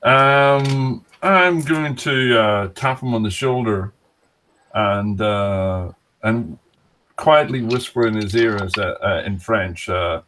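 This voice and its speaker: A man's voice: on the low side, slow, fairly bright tone, slight background noise. Sly man playing a tabletop game. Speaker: player. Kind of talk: casual tabletop play.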